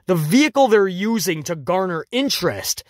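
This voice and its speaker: A man reviewing a wrestling show in casual solo commentary, animated and jokey, slipping into quick mocking impressions. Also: high voice, no room sound, clean studio sound.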